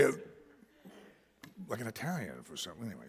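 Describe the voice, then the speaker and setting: American pastor preaching, husky and lively, swoops all over, long church echo. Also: male voice, on the low side, quick pace. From United States. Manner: animated storyteller, shouts words for emphasis, self-deprecating humor. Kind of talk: expository sermon. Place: church sanctuary. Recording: church hall reverb.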